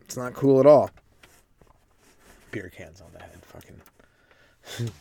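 A stand-up comedian with a medium pitch and a dark tone speaks at a slow pace, with a little hiss or hum in the recording. On his solo podcast he rambles and riffs on his own jokes, swears, laughs at himself, and slips into silly voices.

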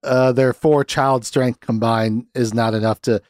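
A young man hosting a podcast, recapping a movie in casual chat, animated and sarcastic, laughing often. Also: medium pitch, unhurried, no echo, studio quality. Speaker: podcast host.

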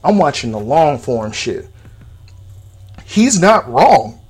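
Slow and husky, this thirtysomething solo podcaster is very animated in his mid-range voice. He's blunt and swears freely, his pitch spiking sharply for emphasis.

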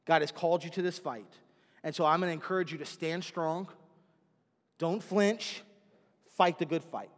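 A man's voice: on the high side, moderate pace, long pauses, in a large hall. A man preaching a sermon as pastor, telling stories animatedly and acting out the voices of the people in them.

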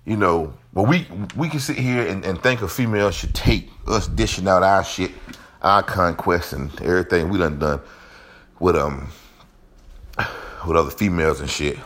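A man's voice: a little high, fairly bright tone. A man telling a rambling, profane story in a casual monologue.

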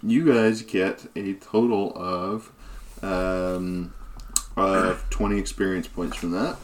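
A man's voice: sits low, flat delivery, slow. A young man narrating as game master, rambling with many fillers and restarts, over a noisy home recording.

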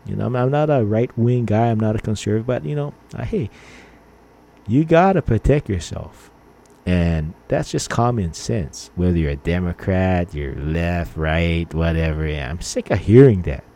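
Low, mellow middle-aged man telling stories. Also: animated, normal speed. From Hawaii. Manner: rambling, fillers, acts out angry quotes. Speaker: podcast host. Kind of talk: casual storytelling monologue.

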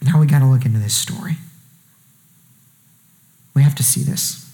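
A preacher delivering an impassioned sermon, shouting at the peaks and leaning on dramatic pauses. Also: medium pitch.

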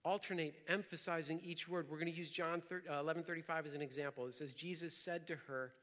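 A young adult man preaching in a lively, conversational style, often repeating himself. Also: fairly high pitch, fast talker. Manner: energetic, conversational preaching with repetitions. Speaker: pastor. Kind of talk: sermon. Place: church hall. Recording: reverberant hall.

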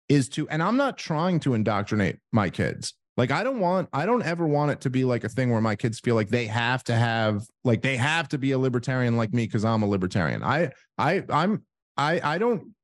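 A man speaking as a guest in a casual conversation, animated, acting out his own inner thoughts as he talks. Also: medium pitch, no room sound, clean studio sound. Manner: animated storyteller, acts out inner voices.

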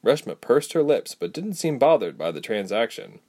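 Man, audiobook narrator, fantasy story, lively intonation, medium pitch. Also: normal speed. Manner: expressive storytelling.

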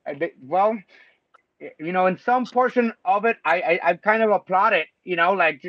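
A man hosting a casual sports podcast, talking loosely and excitably, swearing freely and laughing often. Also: sits high, normal speed, dry recording. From Mexico. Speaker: podcast host. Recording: dull lo-fi sound, dry.

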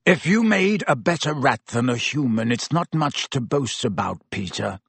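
A gaunt, hard-edged escaped prisoner, as a man puts him on, speaking low, harsh and intense. The voice is husky, recorded dry and close. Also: expressive, moderate pace, fairly bright tone, no room sound, exaggerated voice.

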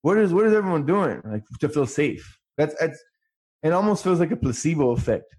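A man's voice: fairly high pitch, lively intonation, a little fast, darkish tone. A man co-hosting a casual podcast chat, laid-back and slangy. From California. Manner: laid-back, slangy, says "bro" and "dude". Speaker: podcast co-host.

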